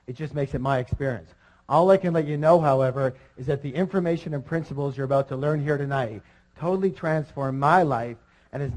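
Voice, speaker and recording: A man giving an energetic motivational seminar talk, calling out questions to the audience. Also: on the high side, rough recording. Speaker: seminar speaker.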